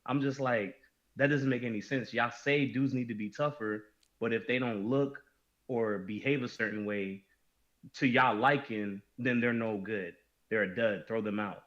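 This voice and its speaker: A man's voice: medium pitch, normal speed, a bit bright, dull audio. A man talking in a casual podcast discussion, emphatic and often restarting his sentences.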